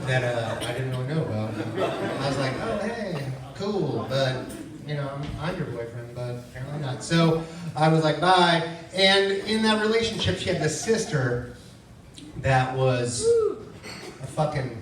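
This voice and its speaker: A man's voice: medium pitch, a bit bright, a little hiss or hum. A man doing a stand-up comedy set, telling profane stories in a loose, rambling way. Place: comedy club stage. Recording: echoey club from far off with crowd. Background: audience laughter.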